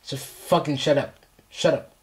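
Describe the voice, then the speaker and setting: A man's voice: on the high side, steady tone, unhurried. Profane, taunting male vlogger. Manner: profane, mock-threatening, repeats taunts. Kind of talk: comedic scolding skit.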